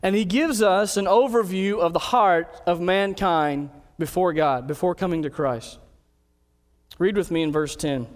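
A man preaching a sermon as pastor, earnest, slowing down to read scripture aloud. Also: high-pitched, big-room sound.

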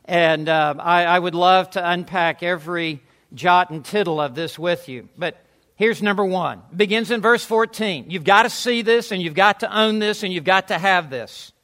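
Emphatic preacher, male, high and bright, builds points through repetition with quick joking asides. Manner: emphatic, repeats words for stress, asides with jokes. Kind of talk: sermon.

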